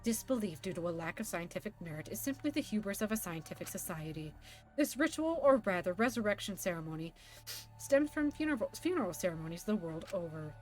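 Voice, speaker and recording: A woman voicing an eerie, soft-spoken young male anthropologist who speaks low and measured. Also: big pitch swings, music in the background, natural voice. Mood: hushed.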